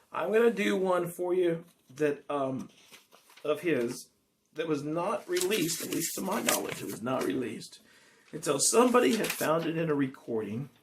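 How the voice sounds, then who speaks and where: A man's voice: a little high, recorded from a distance, slight background noise. A man who sings and plays guitar, chatting casually and rambling a little between songs. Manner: relaxed, rambling, homespun. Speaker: singer and guitarist. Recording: guitar playing behind.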